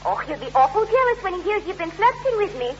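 A woman playing a flirty, gossipy village telephone operator with a shrill, giggly Scottish sing-song in a radio comedy. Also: sing-song, fast, slight background noise. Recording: dull lo-fi radio recording.

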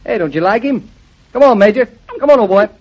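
An actor playing a cheerful young husband who dotes on a big dog, breezy and teasing, in vintage radio drama style. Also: male voice, fairly high pitch, very animated, a little fast, a little hiss or hum. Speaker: husband, an architect. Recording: dull lo-fi old recording.

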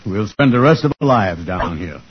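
A man's voice: fairly low pitch, big pitch swings, moderate pace, husky. An actor playing an easygoing, agreeable grown-man sidekick in a 1940s radio comedy, with a drawling, plain way of speaking. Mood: weary. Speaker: comic sidekick in a radio sitcom. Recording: muffled old radio broadcast.

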